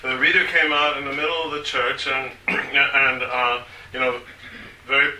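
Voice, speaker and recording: A man's voice: mid-range voice, little pitch movement, bright, forceful tone. Older man, rambling, in an echoey room. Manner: rambling, halting, with many restarts. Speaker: speaker on church liturgy. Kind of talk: informal talk to a small group. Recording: echoey room from far off, faint hiss.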